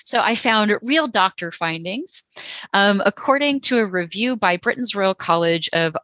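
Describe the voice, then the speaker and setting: A woman from Texas co-hosting a casual podcast, her voice bright and a little sharp. She talks loosely, full of "like"s and quick jokey asides. The sound is dry and slightly dull. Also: medium pitch, expressive, no echo. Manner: chatty, many "like"s and "you know"s, jokey asides. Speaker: podcast co-host.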